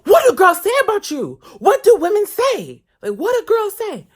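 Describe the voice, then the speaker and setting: A man's voice: wildly swooping pitch, normal speed, full character voice. A man voicing a nosy, disapproving older African woman who fires off repeated prying questions. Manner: shrill, repetitive prying questions.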